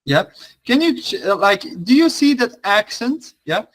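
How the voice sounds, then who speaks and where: A man's voice: extremely high pitch, sing-song, a little slow, fairly bright tone, low-quality recording. A young man teaching an online language class, talking in a loose, chatty way with many fillers and restarts.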